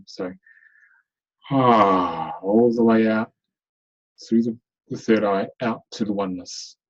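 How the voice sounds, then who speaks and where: A man leading a guided meditation in an online webinar, giving slow, soothing instructions. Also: lowish voice, darkish tone, slightly rough, dull audio. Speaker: meditation teacher.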